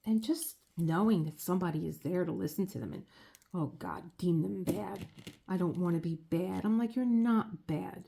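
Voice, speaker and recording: A woman's voice: fairly low pitch, moderate pace, creaky, warm tone. A middle-aged woman chatting casually and heartfelt while crafting, rambling with many restarts. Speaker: crafting vlogger.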